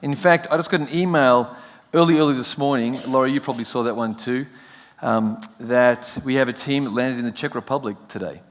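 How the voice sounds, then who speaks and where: A man's voice: mid-range voice, fairly quick, few pauses. An Australian man giving a chatty, joking sermon as a guest preacher. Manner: chatty, self-joking, laughs often. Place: church sanctuary. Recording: long church hall reverb.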